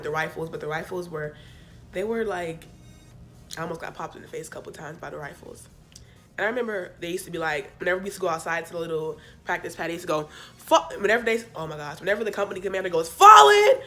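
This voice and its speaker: A young woman tells a storytime in a bright, forceful voice, animated and sassy as she talks straight to her viewers. Faint music plays underneath. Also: fairly low pitch. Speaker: vlogger. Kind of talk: casual storytime.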